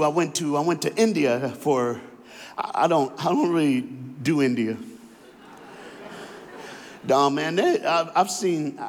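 Man preacher, slightly high voice, rising to shouted sing-song exhortation in a big reverberant church. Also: slight background noise. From Florida, USA. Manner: builds to fervent shouted, sing-song call-and-response. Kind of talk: sermon. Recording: long reverb in a large hall.

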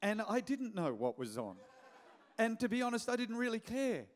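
A middle-aged Australian man, a pastor preaching a sermon in a lively, joking storytelling manner with quick restarts. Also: sits high.

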